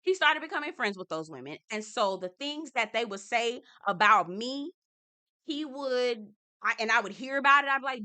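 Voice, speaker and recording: A young woman chats through a reality TV recap. Her voice sits a bit high and sounds bright. She is animated and expressive, acting out quotes with lots of laughter. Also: normal speed, smooth. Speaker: TV recap host.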